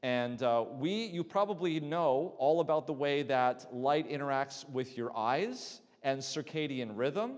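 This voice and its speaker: Middle-aged male sleep doctor, conversational church lecture, audience questions, mid pitch, hall reverb. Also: lively intonation, a little slow, few pauses. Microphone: handheld mic, swapped mid-talk.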